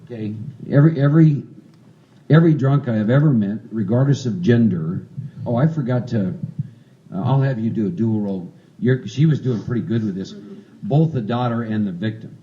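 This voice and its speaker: A man's voice: mid-range voice, normal speed. A man leading a recovery workshop in a folksy way, constantly checking in with his listeners. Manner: folksy, keeps checking in with "see?" and "right?". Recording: dull muffled recording.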